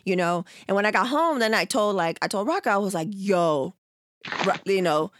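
A woman's voice: mid-range voice, normal speed, a little hiss or hum. A woman telling a story in casual chat, swearing freely and acting out what others said. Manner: animated, profane, acts out quotes.

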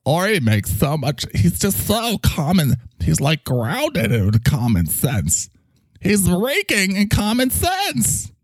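Mike the Mike is a clingy, jealous talking microphone, voiced by a man. He whines and needles in a high voice that swoops wildly up and down. The sound is gravelly, close and dry. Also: no room sound, full character voice. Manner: whiny, clingy, sarcastic.

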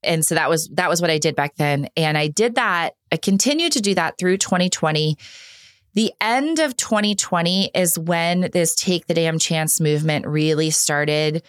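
A woman in her thirties, a podcast guest telling personal stories in an earnest, animated way, often restarting her sentences. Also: sits low, moderate pace, no room sound, clean studio sound. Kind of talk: candid conversational storytelling.

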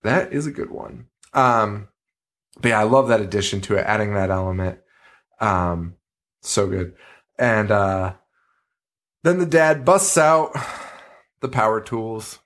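Speaking low and at a measured pace, this man pauses often as he co-hosts a podcast. He casually discusses a horror film, recounting scenes with plenty of profanity and animated storytelling.

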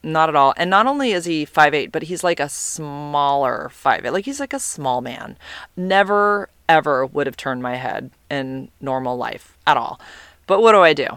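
A woman's voice: low voice, expressive, normal speed, fairly bright tone, clear, resonant tone, no room sound. A woman casually telling a personal story, rambling and swearing, restarting sentences, and acting out quoted voices.

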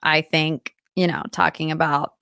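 A young woman hosting a podcast, chatting casually about celebrity gossip in an animated way, with dramatic asides. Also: sits low, a little slow, creaky, clear, resonant tone, no room sound, clean studio sound. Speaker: podcast host. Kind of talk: casual pop-culture gossip chat.

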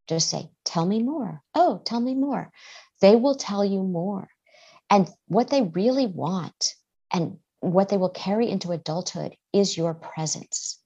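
Brief: thoughtful woman therapist, slightly low voice, calm and measured interview answers. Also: husky. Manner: measured, reflective, restarts words. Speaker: therapist and author guest. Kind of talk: advice-giving interview answers.

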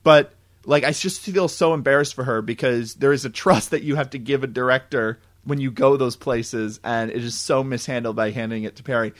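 A man co-hosting a casual movie chat, retelling the plot in an animated way with lots of fillers. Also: medium pitch, brisk. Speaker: podcast co-host.

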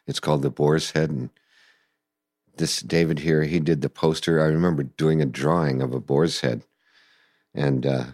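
An older man telling stories in a casual interview, animated and acting out voices and sounds. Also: very deep voice, normal speed, creaky, long pauses, no echo, clean studio sound. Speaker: guest musician recalling the past.

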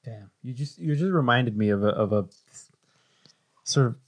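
A man chatting casually in a blunt, excitable way, swearing freely and cracking jokes. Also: mid-range voice, moderate pace. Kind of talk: casual chat.

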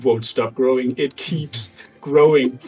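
A man narrating as game master of a tabletop game, animated and laughing often, halting with fillers. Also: mid-range voice, over music, low-quality recording.

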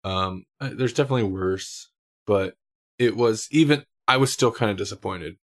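A man's voice: lowish voice, moderate pace. A man co-hosting a podcast in casual chat, opinionated and thinking aloud as he talks. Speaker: podcast co-host.

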